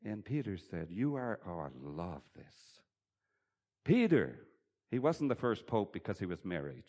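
A man preaching a sermon, swinging between loud, emphatic bursts and quiet, chuckling asides. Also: fairly low pitch, very animated, unhurried.

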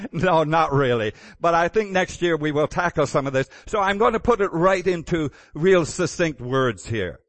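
Male pastor with a higher voice, relaxed preaching style that chuckles and restarts, dry sound. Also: normal speed, dry recording. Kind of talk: sermon.

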